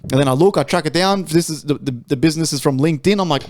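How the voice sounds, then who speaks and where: A young Australian man co-hosts a casual podcast, rattling off stories at rapid-fire speed. He swears freely and tells them with animation, his pitch jumping sharply whenever he rants.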